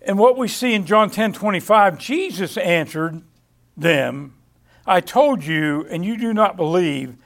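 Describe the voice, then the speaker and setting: A man's voice: sits high, animated. A man teaching a Bible lesson, reading verses aloud and often restarting his phrases. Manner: halting, repeats words, reads scripture aloud. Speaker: preacher. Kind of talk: Bible study sermon.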